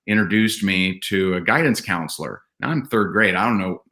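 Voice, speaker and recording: A man telling personal stories as a podcast guest, earnest and animated, often restarting his sentences. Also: low-pitched, moderate pace. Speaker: podcast guest, event speaker. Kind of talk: candid conversational storytelling.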